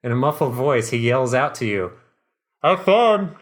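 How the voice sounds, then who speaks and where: A man hosting a podcast, reading a comedic second-person story in a dry, deadpan way. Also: mid-range voice, a little fast.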